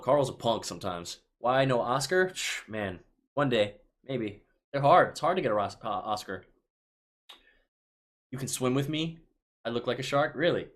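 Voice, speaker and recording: On a live stream, a thirtysomething Chicago man reads out viewer questions and answers them offhand, frequently starting his sentences over. His voice sits on the low side and has a fairly bright tone.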